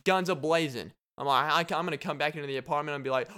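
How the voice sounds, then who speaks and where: Young male podcast host, casual solo chat, smooth voice, animated and rambling. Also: a little high, quick pace.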